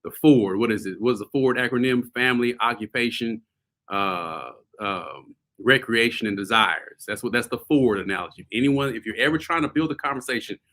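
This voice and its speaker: A man hosting a show, telling a story casually to his viewers, animated and laughing often. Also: medium pitch, fairly quick. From US South. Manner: animated, laughing often, addresses audience as y'all. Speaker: host.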